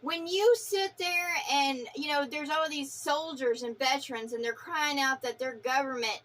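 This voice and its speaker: A woman's voice: high voice, normal speed, a bit bright. A woman vlogger delivering an impassioned, profane spiritual rant, fiery, preachy and defiant.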